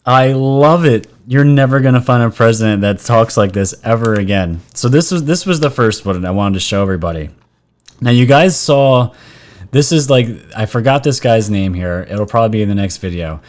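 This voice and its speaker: Man, vlog host, low voice, chatty, excitable, addresses viewers directly, casual commentary. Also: fairly quick.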